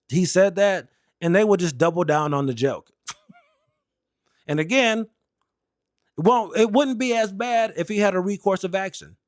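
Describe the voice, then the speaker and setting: A man's voice: on the high side, no echo, studio quality. A young American man and Air Force veteran telling stories in a blunt, heated, profane way. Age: young adult. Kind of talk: casual storytelling rant.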